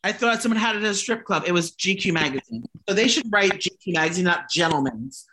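A gay man co-hosting a casual gossip chat, swearing freely and telling animated stories full of fillers. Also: high voice, quick pace, slight background noise. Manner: profane, animated storytelling with lots of fillers. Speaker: podcast co-host.

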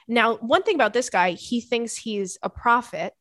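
A woman's voice: fairly high pitch, normal speed, hardly any pauses, a bit bright, no room sound, studio quality. A woman in her thirties hosting a podcast, reading listener emails in a casual chat full of laughing tangents and swearing.

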